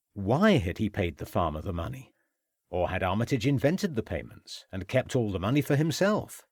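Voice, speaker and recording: A man narrating a mystery novel audiobook in a measured, reflective way. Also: on the low side, slightly rough, no echo, clean studio sound. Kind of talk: scripted narration.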